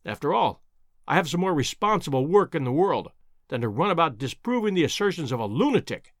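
A sour, scornful old professor, all acid and bitterness, as a male narrator plays him. His voice rides high and swings widely, lively with contempt. The reading is dry and close, with no room sound. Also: fairly quick, no room sound.

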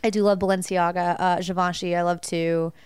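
Chatty woman with a smooth voice. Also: lowish voice, level tone, dry recording, studio quality. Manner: chatty, fast, trailing off with many fillers. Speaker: guest. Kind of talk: casual chat. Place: bedroom beside a large closet.

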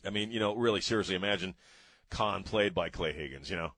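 Rambling low-voiced talk radio host. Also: male voice, fast, fairly bright tone, no echo. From Maryland, USA. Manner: rambling and emphatic, many fillers.

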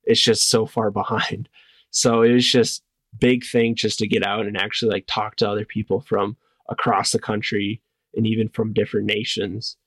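A young man from northern Wisconsin, a cyclist, answering interview questions in a relaxed way with lots of "like". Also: on the low side, moderate pace, no room sound. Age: young adult. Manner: relaxed, many "like" fillers. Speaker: cyclist guest.

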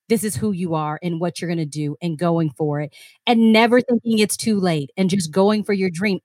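A woman hosts an interview podcast and encourages her guest with warm praise. She laughs easily and keeps a casual, conversational tone. Her voice is recorded close and dry, with no room echo. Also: medium pitch.

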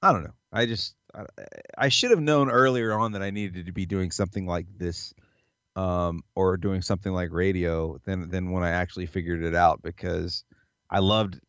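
A man's voice: low-pitched, steady tone, moderate pace, fairly bright tone, clean tone, no room sound, highs cut off. A man from the South, hosting a podcast in a rambling, laid-back casual chat full of fillers. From American South. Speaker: podcast host.

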